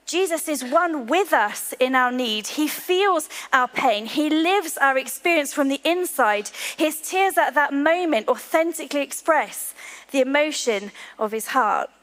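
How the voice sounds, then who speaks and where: A woman preaching a sermon to her church, earnest, slowing to a hushed voice on key lines. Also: high-pitched. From England. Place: large church hall. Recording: long hall reverb.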